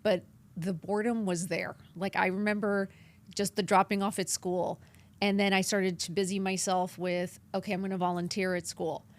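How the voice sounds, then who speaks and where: A woman in her fifties from New York, with a New York accent, telling her story as a podcast guest, animated and acting out her past lines in quotes. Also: medium pitch, normal speed. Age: 50s. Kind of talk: candid interview storytelling.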